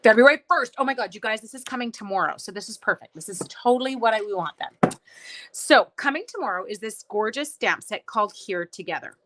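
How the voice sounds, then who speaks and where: A woman's voice: fairly high pitch, expressive, a little fast, background noise. A woman hosting a live card-making tutorial, chatting bubbly and self-deprecating with viewers by name. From Canada. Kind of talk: live crafting tutorial chat.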